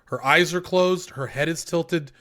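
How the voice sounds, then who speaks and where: A man's voice: a little high, measured pace, sharp tone. A man co-hosting a podcast, ranting with lots of swearing in an exasperated, casual way. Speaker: podcast co-host.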